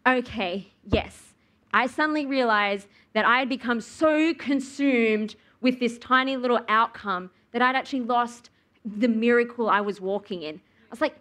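A woman's voice: fairly high pitch, normal speed, a bit bright. A young woman preaching a sermon, telling a personal story and acting out her own reactions. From Australia. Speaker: speaker at church.

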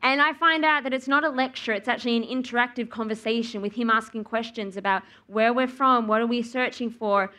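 A woman's voice: a little high, fairly quick, few pauses, sharp tone. A young woman preaching a sermon, telling a personal story and acting out her own reactions. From Australia. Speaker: speaker at church.

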